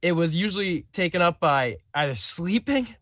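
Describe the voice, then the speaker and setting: A man's voice: high voice, expressive, normal speed, a bit bright, no echo, studio quality. A young man who streams, a guest on a podcast, speaking hesitantly with many restarts and fillers. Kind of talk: casual interview chat.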